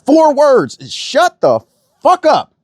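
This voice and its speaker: A young man rants bluntly and profanely, hammering his points through repetition. His voice sits high for a man and swings widely in pitch. The recording is close and dry. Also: wildly swooping pitch, takes it slowly, dry recording. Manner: repeats phrases for emphasis. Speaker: online commentator. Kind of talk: ranting monologue.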